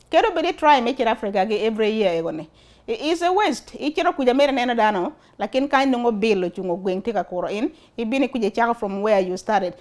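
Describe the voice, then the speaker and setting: A woman with an Acholi accent hosting a talk show, speaking earnestly and putting questions to her viewers. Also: fairly high pitch. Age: adult, studied and worked before emigrating. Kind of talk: casual talk to camera.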